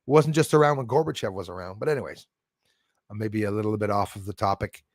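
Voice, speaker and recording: A man's voice: on the low side, fast, no room sound, clean studio sound. A man from Canada hosting a casual livestream, talking in a rambling, heated, blunt way with many restarts. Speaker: livestream host reading chat.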